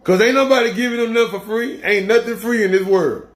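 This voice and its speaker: A man's voice: sits high, fast talker, echoey room. A man ranting bluntly and scoffingly in casual talk. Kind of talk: casual rant.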